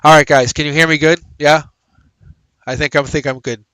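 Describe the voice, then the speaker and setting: A man's voice: a little high, steady tone, moderate pace, pushed and bright, clear, resonant tone, dry recording, poor audio. A man hosting a live tarot reading stream, chatting upbeat with viewers as he reads cards, repeating phrases and laughing often. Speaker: tarot reader and livestream host. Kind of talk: casual livestream tarot reading.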